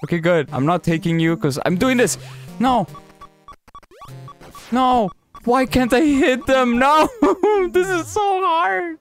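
Guy doing let's play commentary, slow talker, cusses and laughs at himself, begs the game, faint game music behind. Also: very high-pitched, expressive. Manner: frustrated, swears and laughs at himself; pleads with the game. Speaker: gaming channel host.

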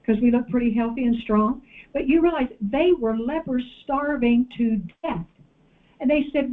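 A woman preacher delivering an animated sermon and calling out to the congregation in a church. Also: on the high side, unhurried. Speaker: guest preacher. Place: church sanctuary. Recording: tinny phone-like audio.

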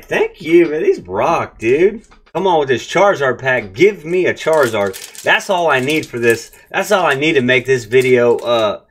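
A man hosting a casual card pack-opening vlog, excitable and gushing as he talks straight to his viewers. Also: medium pitch. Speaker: card-opening channel host.

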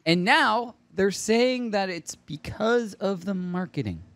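A man's voice: high voice, takes it slowly, no room sound. A man hosting a pop culture podcast in casual chat, laughing often as he tells stories. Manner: laughs often, animated storytelling. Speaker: podcast host.

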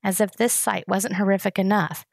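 A woman reading a novel chapter aloud in steady, even storytelling. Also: medium pitch, normal speed, vocal fry, no echo, clean studio sound. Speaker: reader.

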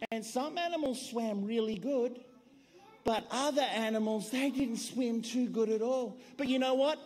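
A woman telling a lively children's story at church, asking the children questions and getting them to join in. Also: high voice. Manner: animated, playful, asks the children questions. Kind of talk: children's story with audience prompts. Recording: long church hall reverb.

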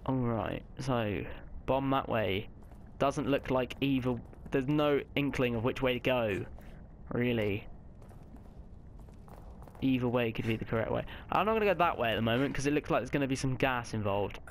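Chatty, swearing man reacting loudly to a game, mid-range voice. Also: medium pitch, moderate pace. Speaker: let's play gamer. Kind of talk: casual gameplay commentary. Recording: noticeable background noise.

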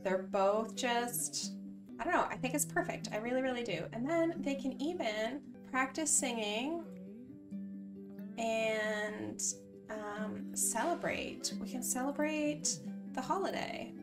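A woman's voice: on the high side, slow. A woman chatting through a life-sim game as a bubbly channel host, often correcting herself mid-sentence. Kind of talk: casual game commentary. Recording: voice distant from the mic, faint music.

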